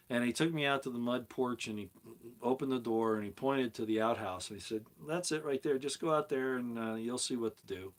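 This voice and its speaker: Rambling older man telling stories. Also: mid-range voice. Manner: rambling, storytelling, shifts between loud emphasis and quiet asides. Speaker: video commentator. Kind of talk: casual monologue to viewers.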